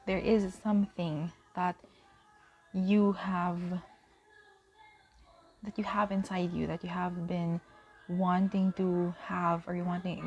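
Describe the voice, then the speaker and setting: A young woman giving a pick-a-card tarot reading to camera, emotional and halting, with many pauses and fillers. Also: fairly low pitch, a little mellow, muffled recording.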